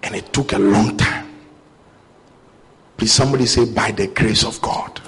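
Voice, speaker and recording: At a moderate pace and in a lowish voice, a young man delivers a sermon built on personal stories. He brings them to life animatedly, performing both parties in each exchange.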